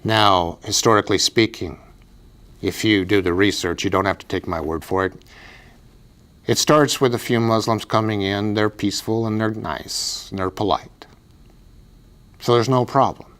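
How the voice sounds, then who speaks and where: A man's voice: fairly low pitch, moderate pace, fairly bright tone. A man giving an emphatic, preachy political commentary monologue as a write-in candidate, repeating phrases for effect. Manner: emphatic, repetitive, preachy delivery.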